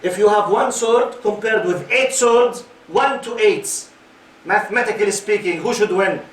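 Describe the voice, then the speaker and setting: This Islamic lecturer, in his 50s, speaks at a normal pace in a voice that sits high. Engaging and fond of quizzing the audience, he's captured from afar in a roomy, echoing hall, and a little background noise comes through.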